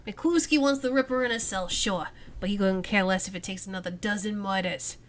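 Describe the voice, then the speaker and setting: A woman's voice: medium pitch, a little fast, natural voice. Woman putting on a clipped, no-nonsense male coroner. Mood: brisk. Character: gruff middle-aged male coroner, businesslike.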